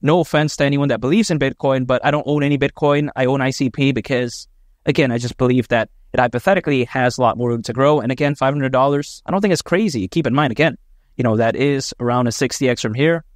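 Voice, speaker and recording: Fast-talking man in a crypto vlog. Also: mid-range voice, no room sound, clean studio sound. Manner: chatty, emphatic, says "man" and "you know". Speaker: crypto channel host. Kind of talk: casual opinion vlog.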